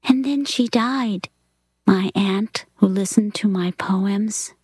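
Woman reading a story out loud, slow and soft, slips into whispers, dry close sound. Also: medium pitch, husky, dry recording. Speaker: reader. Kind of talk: reading a novel aloud.

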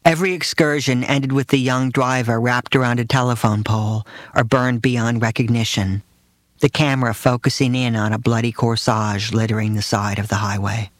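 A man's voice: medium pitch, fairly even intonation, moderate pace, no echo. A man narrating his own first-person memoir in a dry, matter-of-fact way.

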